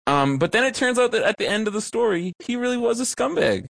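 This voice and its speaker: A man hosting a casual podcast, joking loudly and swearing freely. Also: sits high, expressive, fast talker, vocal fry, no room sound.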